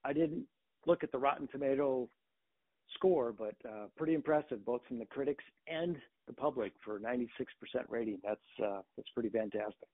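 A man's voice: medium pitch, a little fast, husky, no room sound. A man chatting casually about a film, hesitant with many restarts and fillers. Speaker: movie podcast co-host. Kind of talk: casual chat. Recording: tinny phone-like line.

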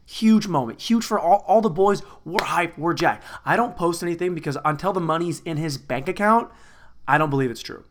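Rambling, crude man ranting for laughs. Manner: rambling, crude and self-mocking; lively, swings between loud bursts and low mutters. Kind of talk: casual comedic rant.

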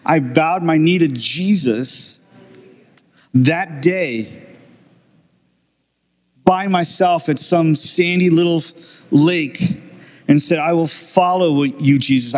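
A man's voice: on the high side, takes it slowly. An older man, a preacher, giving a sermon in a church, telling a personal story and acting out the other people's lines with laughter. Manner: storytelling, acts out quoted voices with laughs.

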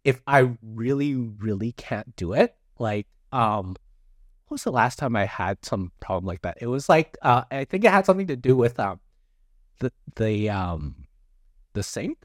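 A man's voice: mid-range voice, lively intonation, unhurried, no room sound, clean studio sound. A man co-hosting a casual podcast chat, rambling with many fillers and frequent chuckles. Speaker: podcast co-host.

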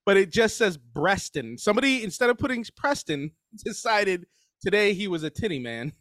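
A man's voice: high-pitched, expressive, normal speed, a bit bright, no echo. A man co-hosting a podcast, telling crude stories in casual chat and laughing often. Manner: profane storyteller, laughs often. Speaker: podcast co-host.

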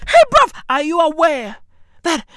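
A high, bright-voiced woman rattles off profane comedic reaction commentary, her pitch swinging wildly as she repeats lines for effect. She talks in an unhurried, drawn-out way. The sound is close and dry. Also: no echo. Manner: excitable, swearing, repeating phrases for effect.

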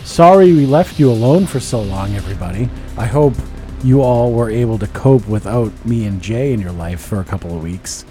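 A man's voice: on the low side, expressive, moderate pace, dark tone, faint music behind. A man hosting a podcast, teasing, profane and chatty in casual banter. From Boston area. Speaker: podcast host.

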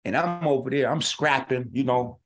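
A man's voice: mid-range voice, moderate pace. A man hosting an online talk show, delivering a casual, profane monologue and acting out the people he argues with.

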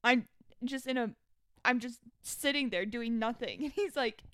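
A woman's voice: a little high, moderate pace, no room sound, studio quality. A woman co-hosting a podcast in casual chat, teasing, exasperated and laughing often. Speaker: podcast co-host.

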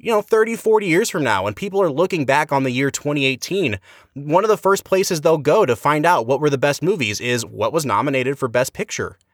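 A man's voice: a little fast, no echo, studio quality. A man co-hosting a podcast, giving an emphatic, exasperated movie review in casual chat. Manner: animated, emphatic, exasperated critique with big pitch swings. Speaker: podcast co-host, film reviewer.

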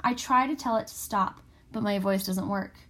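A woman reading a first-person story aloud in a steady, expressive way. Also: mid-range voice, normal speed. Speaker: audiobook narrator. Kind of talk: scripted first-person narration.

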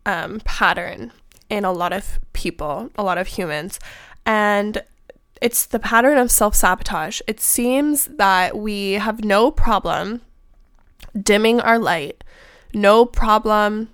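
A young woman hosting a self-development podcast, talking in a soft, meandering, casual way with a slightly stuffy voice from a recent illness. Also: medium pitch, takes it slowly, clear, resonant tone, dry recording, studio quality. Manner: soft-spoken, meandering, with fillers. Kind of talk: casual reflective podcast talk.

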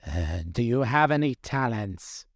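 A man's voice: mid-range voice, animated, unhurried, dry recording, studio quality, close to an everyday voice. A man voicing a cruel old female sea witch, scornful and menacing in her speech. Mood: demanding.

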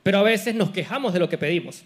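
A man interpreting a sermon live, quickly echoing each phrase of the preacher. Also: high-pitched, lively intonation. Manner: rapid, echoes the preacher's phrasing.

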